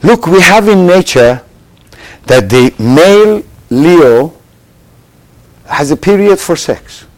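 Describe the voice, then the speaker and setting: Animated man teaching a class. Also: a little high, slow pace, pauses often, low-quality recording. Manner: quizzes the audience with rhetorical questions; swings between loud emphasis and hushed asides. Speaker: religious teacher. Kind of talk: Torah lesson to a live class.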